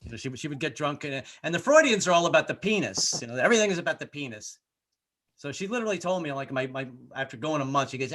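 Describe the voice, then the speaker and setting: An Irish man rambles through a stand-up comedy set, fast and animated, in a slightly high, fairly bright voice. He trips over his words, repeats himself, cuts himself off, and slips into character voices.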